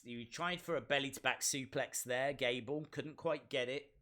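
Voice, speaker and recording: A man hosting a live stream, reacting to a wrestling show in excitable, chatty, self-mocking commentary. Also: mid-range voice, moderate pace.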